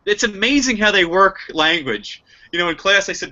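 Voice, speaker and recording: A young man argues with heat and restless energy, his voice sharp and ringing. He stumbles and restarts as he pushes his point. The sound is dull and muffled. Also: fairly high pitch, a little fast. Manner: animated, heated, many restarts. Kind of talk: casual political discussion. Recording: muffled lo-fi recording.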